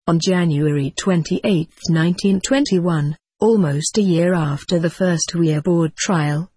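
A narrator reading a first-person memoir aloud in a steady, unhurried audiobook style. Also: medium pitch, breathy edge, no echo.

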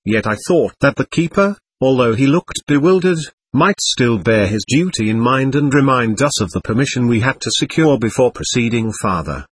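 A man reading a travel memoir aloud as an audiobook, in a measured, steady way. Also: medium pitch, husky, dry recording. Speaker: audiobook reader. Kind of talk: scripted narration of a travel memoir.

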